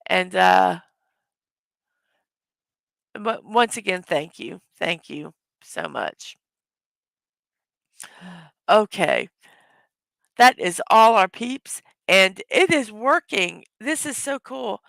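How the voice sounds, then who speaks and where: A hoarse, tired woman chats through a relaxed morning livestream and welcomes viewers one after another. Her voice is gravelly and her pace slow and unhurried. The sound is close and dry. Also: mid-range voice, dry recording. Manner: warm greetings to chat viewers one by one. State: tired from little sleep. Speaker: livestream host. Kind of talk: casual morning livestream chat.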